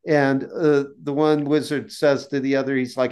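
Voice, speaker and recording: A man, an author guest on a podcast, talking casually in halting speech with many restarts and repeated words. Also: mid-range voice, flat delivery, a little mellow, clean tone. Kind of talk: casual interview talk.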